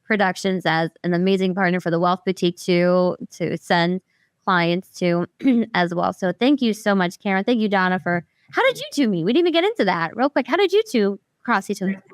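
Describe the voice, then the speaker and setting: Smooth-voiced woman hosting a podcast. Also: mid-range voice, expressive, a little fast, no echo, clean studio sound. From New Jersey. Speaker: podcast host. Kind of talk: casual podcast interview.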